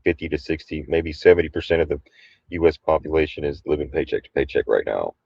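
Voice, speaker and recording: A man's voice: extremely low pitch, fast, creaky, darkish tone, slightly rough, dry recording, muffled recording. A man hosting a casual talk show, commenting loosely and swearing offhand. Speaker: show host.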